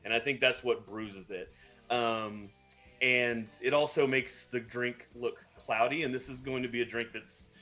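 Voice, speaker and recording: A man's voice: medium pitch, steady tone, measured pace, sharp tone, soft background music. A man co-hosting a casual live stream, rambling and joking at himself as he explains a cocktail. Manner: rambling, self-mocking explanations. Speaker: co-host mixing cocktails.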